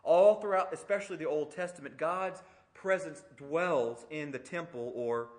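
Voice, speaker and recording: A man's voice: fairly high pitch, normal speed. A middle-aged man preaching an expository sermon, conversational and emphatic, with rhetorical questions. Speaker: pastor.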